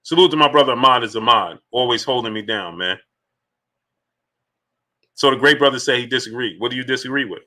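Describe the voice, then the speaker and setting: A man's voice: medium pitch, a little fast, long pauses, sharp tone. A man hosting a live boxing stream, greeting viewers in the chat by name and firing off rhetorical questions. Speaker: boxing livestream host.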